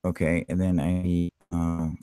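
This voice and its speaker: A man's voice: low-pitched, completely flat delivery, a little slow, warm tone, clear, resonant tone, soft background music. A man hosting a live stream in loose, heavily profane casual chat, talking through what he is doing on his computer.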